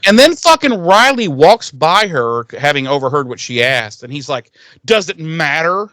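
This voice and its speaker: A man's voice: on the high side, normal speed, no room sound. Guy on a podcast swearing his way through an episode recap, dry close mic. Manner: profane, animated retelling with quoted character lines. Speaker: podcast co-host. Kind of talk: casual recap chat.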